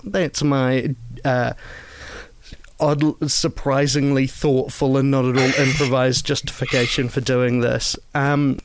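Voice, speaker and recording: A man's voice: mid-range voice, little pitch movement, slow pace, noisy background. A man co-hosting a casual film-ranking chat, rambling and wry with self-deprecating asides. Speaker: podcast co-host.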